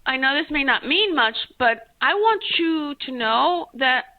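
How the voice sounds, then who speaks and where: A woman, a podcast guest, speaking earnestly and deliberately in affirming words to another guest. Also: high voice, expressive, no echo. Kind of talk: heartfelt conversational podcast talk. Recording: tinny phone-like line, dry.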